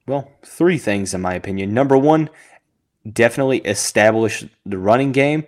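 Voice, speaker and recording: A man hosting a sports podcast, thinking out loud with lots of fillers and restarts, who has the hiccups. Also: mid-range voice, animated, moderate pace. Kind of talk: casual sports analysis podcast.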